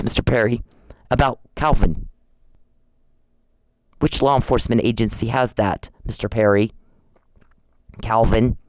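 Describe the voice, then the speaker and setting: A man's voice: medium pitch, no echo, rough recording. A man in an angry, confrontational rant at home, accusing and taunting someone with repeated challenges.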